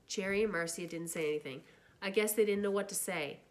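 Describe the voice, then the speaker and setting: A woman reading a novel aloud in steady, plain narration. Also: medium pitch, brisk. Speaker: reader.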